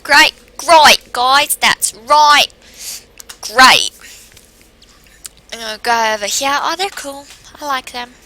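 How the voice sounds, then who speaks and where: A woman's voice: sits high, slow pace, pauses often, pushed and bright, poor audio. A woman casually playing a video game, reading the quest text aloud and chatting with asides. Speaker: game streamer.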